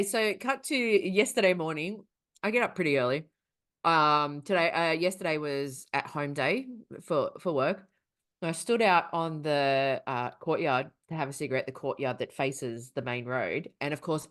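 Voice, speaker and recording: A woman's voice: low-pitched, a bit bright. A young woman co-hosting a podcast, telling a story in casual, profane chat. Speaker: podcast co-host.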